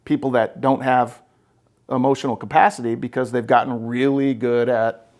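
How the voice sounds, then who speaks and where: Here the therapist podcast host has a medium-pitched, slightly mellow voice with fairly even intonation and a normal speed. He keeps the talk casual but blunt and emphatic, cursing and often asking "right?".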